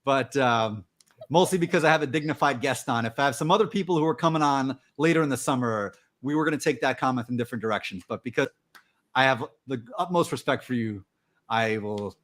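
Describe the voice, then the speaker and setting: A man hosting a podcast in casual chat over a video call, enthusiastic and warmly thankful toward his guest. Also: mid-range voice, a little fast. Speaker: podcast host.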